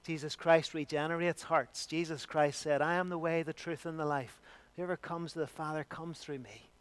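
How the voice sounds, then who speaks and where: Resonant preacher, high and emphatic. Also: male voice, steady tone, normal speed, clean tone. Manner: emphatic preaching, swinging from loud to hushed. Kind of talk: sermon.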